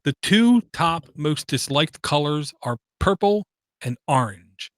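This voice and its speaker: A man's voice: on the high side, expressive, takes it slowly, dry recording. A man co-hosting a podcast in casual chat, rambling and opinionated, often restarting his sentences. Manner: rambling, self-interrupting, opinionated. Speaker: podcast co-host.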